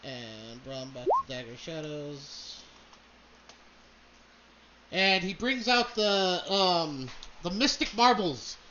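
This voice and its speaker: A man's voice: high voice, expressive, slow pace, pauses often, lo-fi sound, background noise. A man narrating a tabletop game as game master, loose and hesitant, with many fillers.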